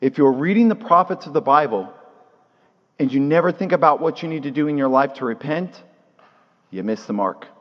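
A man's voice: on the high side, lively intonation, fairly quick. A man preaching a sermon at a Shabbat service, earnest, repeating key phrases and asking rhetorical questions. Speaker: pastor teaching at a Shabbat service. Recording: long hall reverb, dull lo-fi sound.

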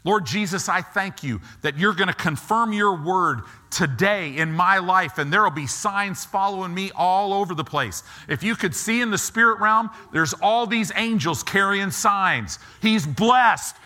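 A middle-aged man preaching a sermon, animated and acting out quick asides as he talks. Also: sits high. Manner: animated, acts out God and people in quick asides.

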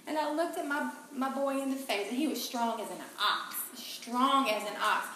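A woman sharing an emotional personal testimony in a halting, soft-spoken way, often repeating her words. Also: high-pitched, heavy reverb, slight background noise, poor audio.

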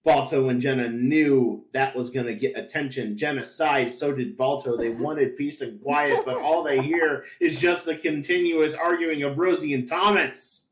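A man narrates a story for his podcast in a plain, flat delivery, tripping over words. His voice carries a roomy echo. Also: medium pitch, normal speed, hardly any pauses. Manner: flat reading with stumbles and laughs. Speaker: podcast host, reader. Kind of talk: comedic fan-story narration.

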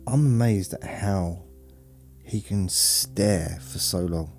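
Low mellow guy droning on slowly, sleepy podcast vibe, faint music. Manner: drowsy, deadpan, rambling. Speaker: podcast host. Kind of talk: rambling sleep podcast monologue.

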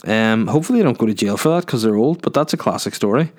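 A man's voice: on the low side, lively intonation, quick pace. A man hosting a solo podcast in a rambling, jokey, sweary casual chat. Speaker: podcast host.

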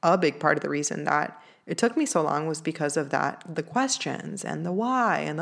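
Young woman, low voice, casual confessional storyteller, filler-heavy, earnest. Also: fairly quick, creaky, hardly any pauses. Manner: candid, heavy use of "like" fillers. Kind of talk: personal storytelling.

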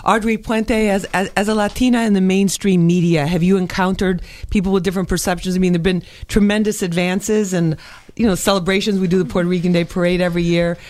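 A man hosting a morning TV panel, introducing guests and moderating in a brisk, upbeat way. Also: sits high, steady tone, a little mellow, dry recording. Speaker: morning show host.

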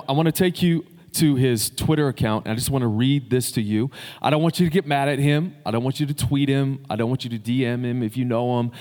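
A male pastor preaching to a congregation in a loose, conversational way, pausing on fillers and restarting sentences. His mid-pitched voice carries a long reverb tail from the church hall around him. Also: darkish tone. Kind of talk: sermon. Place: church sanctuary.

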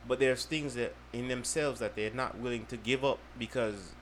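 A man's voice: mid-range voice, fairly even intonation, normal speed, slight background noise. A man hosting a casual podcast chat, explaining at length and checking in with "you understand me". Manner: earnest, repeats "you understand me". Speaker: podcast host.

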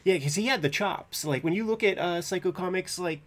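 A man hosts a casual interview in a laid-back, encouraging way. His voice sits a bit higher than most men's. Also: brisk, fairly bright tone. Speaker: podcast host.

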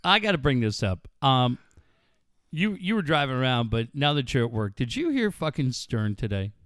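A man's voice: medium pitch, sing-song, moderate pace, fairly bright tone, dry recording, studio quality. A middle-aged man co-hosting a radio show, telling stories in casual banter, swearing freely and laughing as he goes. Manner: storytelling, swearing a lot, laughing.

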